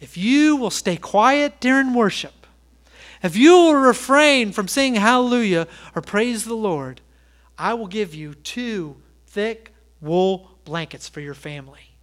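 Man playing a reserved pastor in a sermon story, hushed and measured, fairly high, bright voice, slow. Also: lively intonation. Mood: coaxing. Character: reserved middle-aged male pastor bargaining.

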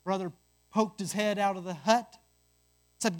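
A storyteller reading a parable aloud. The delivery is measured and earnest throughout. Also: medium pitch, steady tone.

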